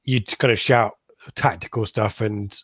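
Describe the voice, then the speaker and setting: A man's voice: fairly low pitch, fairly even intonation, a little slow, slightly rough, no echo. A man hosting a casual football podcast, talking in a rambling, chatty way with frequent ums and laughs. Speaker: podcast host.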